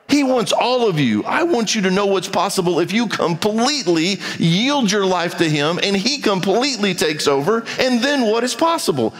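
High-pitched man, emphatic pulpit preacher, reverberant hall sound. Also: sing-song, moderate pace, hardly any pauses, a bit bright. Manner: emphatic preaching, repeats key phrases. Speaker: pastor. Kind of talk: sermon.

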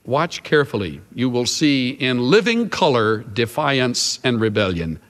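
A man delivering a sermon to a congregation, slow and deliberate with a voice that swings widely up and down for emphasis. His words ring out in a large hall with a long echo behind them. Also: mid-range voice, very animated, a bit bright. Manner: emphatic, dramatic shifts of emphasis. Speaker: Bible teacher.

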